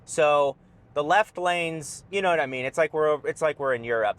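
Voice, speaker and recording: A man's voice: on the high side, normal speed, fairly bright tone. A young man rambling and joking through a casual driving vlog from inside his car. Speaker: vlogger.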